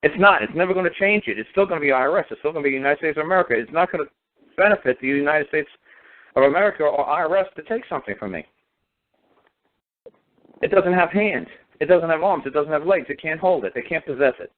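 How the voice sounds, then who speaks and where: A man's voice: a little high, animated, quick pace. A man talking in a casual radio conversation, emphatic and sarcastic, repeating his points over and over. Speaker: guest speaker on law. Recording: tinny phone line.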